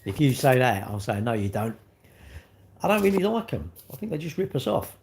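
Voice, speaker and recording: A man's voice: fairly high pitch, sing-song, fast talker, vocal fry, darkish tone, a little hiss or hum. A middle-aged British man chatting on a livestream, rambling casually and acting out little back-and-forth dialogues. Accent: British English. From United Kingdom. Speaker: livestream host.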